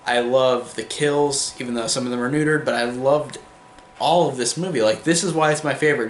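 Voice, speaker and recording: An excited young man rambles through a casual film review, piling on fillers and repeated "like"s, his pitch sitting in the middle range. The room around him is echoey, with a faint hum of ambience beneath. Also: normal speed. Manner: enthusiastic, rambling, lots of fillers and repeated likes.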